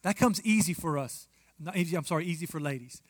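A man's voice: fairly high pitch, quick pace. A man preaching a marriage sermon as pastor, emphatic and addressing the congregation directly.

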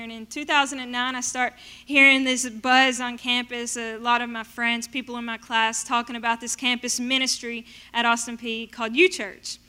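A woman telling her personal faith testimony in an animated storytelling way. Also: on the high side, smooth. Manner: animated storytelling, acting out her past self in quotes. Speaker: speaker sharing a testimony.

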